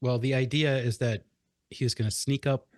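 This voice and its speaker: A man's voice: mid-range voice, fairly even intonation, moderate pace, no room sound, studio quality. A man playing a tabletop game, explaining his character's plan in a matter-of-fact way. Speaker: player.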